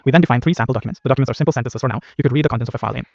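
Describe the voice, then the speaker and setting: Man, course instructor, very fast, gravelly, scripted lesson narration, dry dull recording. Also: mid-range voice, no echo. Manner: brisk, explanatory, steady.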